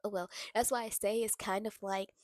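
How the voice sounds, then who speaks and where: Animated, slangy woman recapping a movie. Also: mid-range voice, fairly quick, no echo, clean studio sound. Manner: animated, slangy, laughs often. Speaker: movie reaction vlogger.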